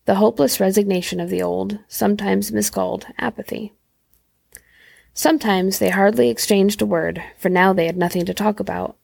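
Creaky-voiced woman reading a story. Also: mid-range voice, darkish tone, no room sound. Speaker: podcast host, storyteller. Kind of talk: reading a horror story aloud.

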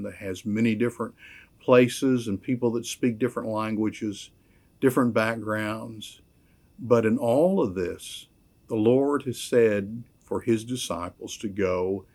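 Guy preaching slow and deliberate, lowish voice, leans on repeats. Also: a little mellow. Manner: measured preaching with emphatic repeats. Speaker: pastor. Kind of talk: sermon.

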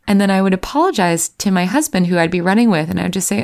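A woman in her thirties talks openly about her own struggles, with a frank, self-mocking delivery. Her voice sits on the low side and has a gravelly, creaky texture. Now and then she slips into acting out her own thoughts. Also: expressive, fast, hardly any pauses, darkish tone. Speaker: vlogger. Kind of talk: personal storytelling to camera.

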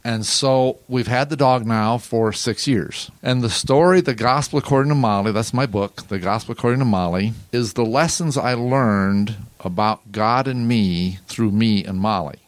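A man's voice: medium pitch, normal speed, hardly any pauses, dry recording. An older man, a book author and guest, telling a personal story on a podcast.

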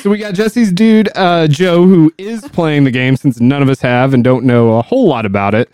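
A podcast host chatting casually, with a relaxed, hesitant way of talking full of fillers. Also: mid-range voice, normal speed, clear, resonant tone.

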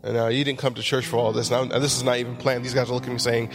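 A man's voice: medium pitch, level tone, racing, over music. A man, a pastor, preaching a sermon in church and telling funny stories with acted-out quotes. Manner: humorous storytelling, acts out quotes.

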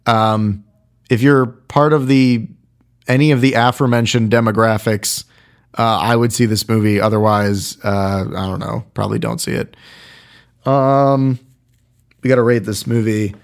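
A man's voice: medium pitch, steady tone, measured pace, vocal fry. A man giving a casual, rambling film review in a wry, irreverent way, full of fillers.

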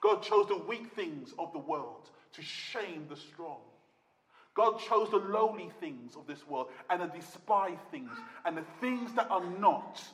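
A man with a high voice preaches a sermon with dramatic flair. He acts out the voices of the people in his Bible stories and swells to loud emphasis. His voice rings with the long reverb of a church hall.

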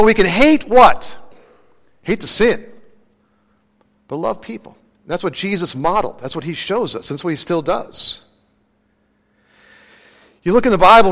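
A man's voice: a little high, a bit bright. A man preaching a sermon as pastor, asking his congregation questions and answering them himself. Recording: long hall reverb.

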